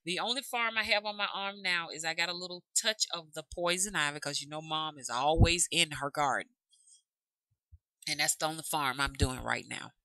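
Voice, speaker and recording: Mulher sulista de voz grave, em gravação seca. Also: female voice, deep voice, moderate pace, pushed and bright, dry recording, poor audio. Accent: Southern US drawl. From Alabama, USA. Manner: chatty, rambling, calls viewers y'all and love. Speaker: channel host, rootworker. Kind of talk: casual chat to camera.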